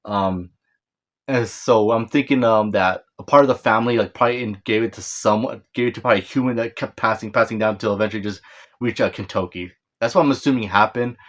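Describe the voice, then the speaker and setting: A man's voice: fairly low pitch, quick pace. A man giving a casual, rambling manga chapter breakdown, stumbling over names, correcting himself and apologizing with a chuckle. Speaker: manga reviewer.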